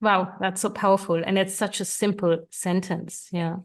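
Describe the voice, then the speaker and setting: A woman's voice: mid-range voice, fairly even intonation, normal speed. Woman, podcast host, friendly, affirming, conversational. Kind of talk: podcast interview.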